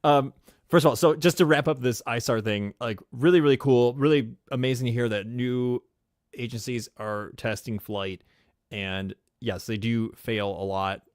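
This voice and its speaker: A man with a New York accent co-hosting a casual live-streamed podcast, excitable and rambling, laughing often. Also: on the low side, no room sound, clean studio sound. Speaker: podcast co-host.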